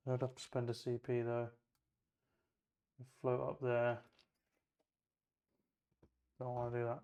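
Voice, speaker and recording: A man's voice: mid-range voice, monotone, takes it slowly, a little mellow. A man playing a tabletop wargame, thinking aloud as he moves models, measures ranges and rolls dice in casual play commentary.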